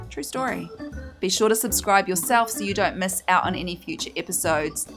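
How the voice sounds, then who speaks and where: Encouraging woman podcast host. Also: mid-range voice. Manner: chatty, encouraging, acts out food cravings in playful voices. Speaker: podcast host and weight-release coach. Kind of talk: solo podcast monologue.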